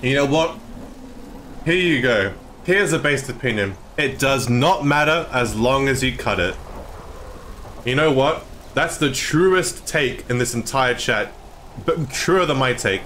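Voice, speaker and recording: A man with an Australian accent, live-streaming and excitedly arguing with his chat, swearing often. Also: medium pitch, a little slow, slight background noise.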